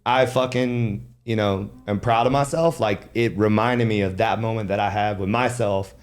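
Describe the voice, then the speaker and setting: A man with a fairly low voice hosts a casual podcast conversation. He speaks openly and reflectively, with loose swearing and plenty of filler words. The talk is unscripted and personal. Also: fairly even intonation, moderate pace. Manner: candid, profane, reflective. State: emotional. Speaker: podcast host. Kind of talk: casual interview chat.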